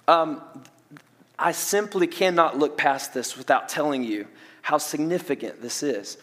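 Southern preacher guy, highish voice, animated sermon, long reverb in a big hall. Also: unhurried. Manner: animated, with self-interrupting restarts and asides. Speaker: pastor.

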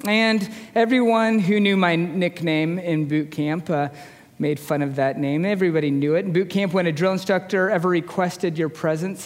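A high-voiced chaplain in his forties tells a story from the pulpit, speaking casually and joking at his own expense. The long reverb of a big hall carries his words.

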